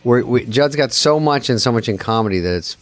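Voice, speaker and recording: A man's voice: medium pitch, lively intonation, a little fast. A man co-hosting a podcast, telling anecdotes in a dry, self-deprecating way. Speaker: podcast co-host. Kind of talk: casual chat, anecdotes.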